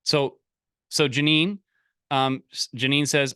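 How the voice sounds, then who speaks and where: A man coaching a live online group, energetic and full of restarts and repeated words. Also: medium pitch, moderate pace, vocal fry, no echo, clean studio sound. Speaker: business coach.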